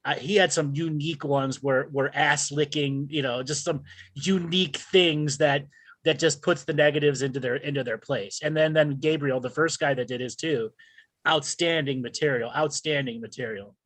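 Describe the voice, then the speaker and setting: Man, comedy show co-host, upbeat, fairly high pitch. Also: fairly even intonation, moderate pace, fairly bright tone, no echo. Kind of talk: casual comedy chat.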